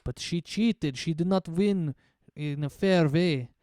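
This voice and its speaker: A man's voice: fairly high pitch, slow, mellow, clear, resonant tone, no echo, clean studio sound, voice pushed up. A man voicing an indignant female bugbear wizard who pleads for help in a tabletop game. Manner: pleading, insistent.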